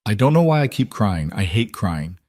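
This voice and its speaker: A man's voice: lowish voice, sing-song, normal speed, darkish tone, no echo, clean studio sound. A man voicing a weary, exhausted woman executive with a strained, pleading manner. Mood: tearful.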